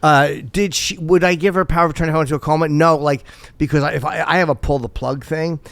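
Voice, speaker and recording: A man's voice: fairly high pitch, steady tone, fast talker, vocal fry, fairly bright tone, no echo. A middle-aged man hosting a casual podcast chat, blunt and profane, with a self-deprecating streak. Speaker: podcast host.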